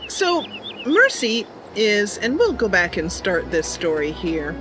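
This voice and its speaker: A woman hosts a game role-play video, chatting in a playful, giggly way as she plays and narrates the story. Her mid-range voice swoops wildly in pitch and moves slowly over music. It's casual gameplay commentary mixed with role-play narration.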